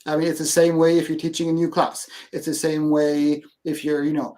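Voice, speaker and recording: A man speaking as an educator guest in a casual video-call interview, animated and ending many sentences with "right?". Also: fairly high pitch, fairly quick.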